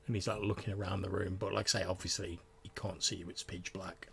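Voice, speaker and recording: A man's voice: deep voice, little pitch movement, brisk, gravelly, hardly any pauses, a bit bright. A man narrating a tabletop game as game master, describing the scene with hesitant fillers.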